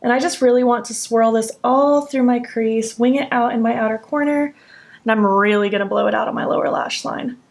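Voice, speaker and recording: A woman in her twenties talks to her camera while doing her makeup at home. Her voice sits a little high, and she gushes with excitement over every shade in a casual, effusive vlog manner. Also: a little fast, gravelly. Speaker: beauty vlogger. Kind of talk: makeup tutorial chat.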